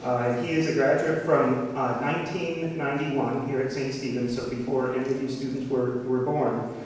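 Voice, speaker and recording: A man, a teacher, giving a halting formal introduction of a guest at a school assembly. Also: mid-range voice, fairly even intonation, a little mellow. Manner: halting, many fillers. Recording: echoey hall from far off.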